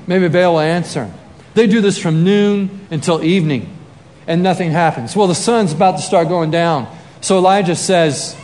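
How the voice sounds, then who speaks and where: Male preacher with a high voice, acting out the story with bursts of shouting; a reverberant hall. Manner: animated, acts out scenes with shouts and sound effects. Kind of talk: sermon storytelling. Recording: long reverb of a large hall, faint ambience.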